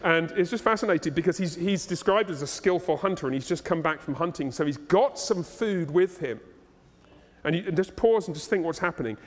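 Pastor guy preaching, kinda high voice, lively storytelling, big church reverb. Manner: animated, playful storyteller. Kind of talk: sermon. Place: church hall, live congregation. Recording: long reverb of a church hall.

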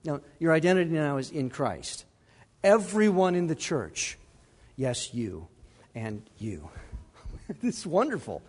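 A man preaching a sermon as pastor, animated and emphatic, with asides and brief laughs. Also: a little high, a little slow, long pauses, slightly rough, long reverb tail.

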